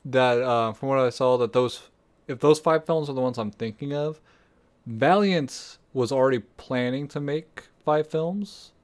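A man's voice: medium pitch, unhurried. A man co-hosting a casual podcast, chiming in with hesitant restarts. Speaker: podcast co-host.

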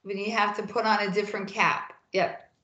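A woman's voice: medium pitch, fairly even intonation, a little fast, bright, forceful tone, echoey room, muffled recording. A woman physician being coached over a video call, agreeing readily and repeating phrases back. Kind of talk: one-on-one coaching session.

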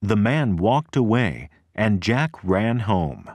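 Man, storybook narrator, low voice, lively intonation. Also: no room sound, studio quality. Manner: clear, deliberate, expressive reading. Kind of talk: slow read-aloud storybook narration.

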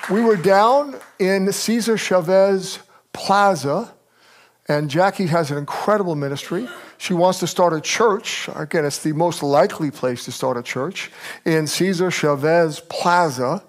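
A man's voice: high-pitched, measured pace, some chatter behind. An older man preaching a sermon as pastor, telling stories with energy and acting out the people he quotes. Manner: animated storyteller, acts out quotes.

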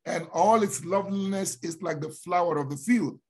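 A man's voice: sits high, moderate pace, darkish tone, slightly rough. A man with a Nigerian accent, a pastor giving a fervent, emphatic prophetic sermon. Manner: fervent, emphatic preaching with rising declarations.

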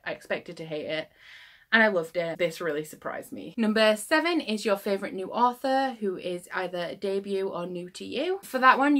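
Young woman vlogging about books, kinda low voice, gushy and rambly. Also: fairly bright tone. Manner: gushing and enthusiastic, trails off mid-thought. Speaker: book vlogger. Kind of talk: casual book chat to camera.

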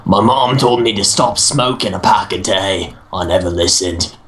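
A gravelly New Jersey chain-smoker drags out every word in a low, heavy voice. He sounds worn and proud of it, the voice a man in a gaming session slips into for a joke. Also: normal speed, fairly bright tone. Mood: boastful.

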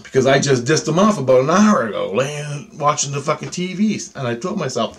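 A man telling a personal story in a casual vlog monologue, rambling, swearing constantly, and swinging between muttering and excited outbursts. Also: on the high side, a little fast, few pauses. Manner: restarts and repeats himself often. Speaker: vlogger recounting personal experiences.

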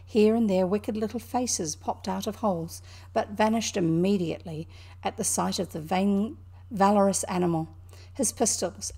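A woman with a New Zealand accent reading a classic children's book aloud, pausing now and then to explain words to young listeners. Her voice is mellow and husky, with a gravelly edge. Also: medium pitch. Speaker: storybook reader.

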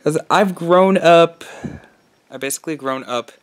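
In an unhurried, slightly high and clean voice, a twenty-something man rambles through a goofy, self-deprecating vlog outdoors on a nature trail.

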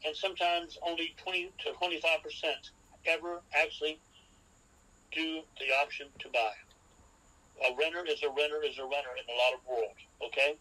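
A man's voice: fairly high pitch, steady tone, moderate pace, pushed and bright, rough recording. A man, a real estate expert guest on a podcast, giving seminar-style advice as numbered rules and often checking in with "okay?".

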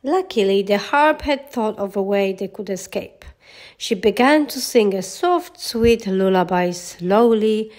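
A woman reading a children's fairy tale aloud in a gentle storytelling manner. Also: medium pitch. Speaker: storybook narrator.

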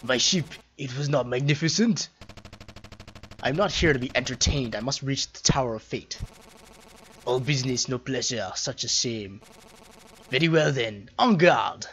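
A man's voice: medium pitch, moderate pace, pauses often, fairly bright tone, highs cut off, slight background noise, natural voice. A man voicing a pompous, condescending male knight, a foppish dandy who speaks with theatrical flourishes. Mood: haughty. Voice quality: theatrical and haughty, with grand flourishes.

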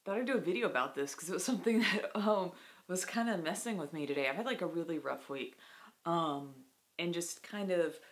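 A woman vlogger talking candidly to camera, halting, with many fillers and restarts. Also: fairly low pitch. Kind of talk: candid personal talk to camera.

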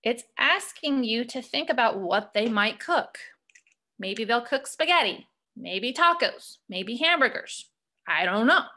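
Woman teacher, young adult, unhurried delivery, crisp and bright tone, reads sentences with emphasis, quizzes students. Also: a little high, animated. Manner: slow, exaggerated reading with questioning prompts. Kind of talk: classroom punctuation lesson.

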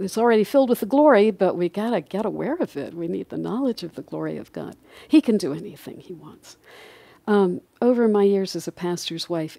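A woman's voice: medium pitch, creaky, warm tone, no echo. A middle-aged woman, a guest on a podcast interview, speaking in an earnest, reflective way and laughing lightly now and then. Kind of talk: conversational interview.

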